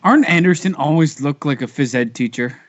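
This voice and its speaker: Man, podcast co-host, crude joking banter, slightly high voice, lo-fi sound. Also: brisk, dry recording. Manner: joking, crude, laughs at own bits. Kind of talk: casual wrestling rewatch chat. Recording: dull lo-fi podcast audio.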